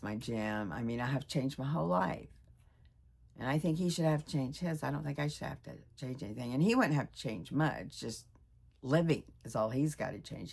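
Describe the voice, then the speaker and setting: A vlogger in her sixties gives a rambling, emotional personal update. Her voice is husky with vocal fry, and it leaps high whenever she gets excited.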